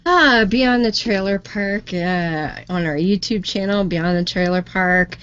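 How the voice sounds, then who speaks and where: A woman co-hosting a casual podcast, speaking in an unhurried, easygoing way. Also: mid-range voice, a bit bright, clean tone, dull audio. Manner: unhurried, laughs often. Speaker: co-host.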